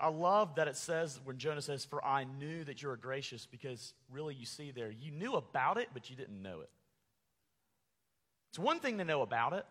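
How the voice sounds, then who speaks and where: A man's voice: on the high side, moderate pace. Fiery preacher man in a reverberant hall. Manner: animated preaching, acts out angry quotes with sarcasm. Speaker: pastor. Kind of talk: sermon.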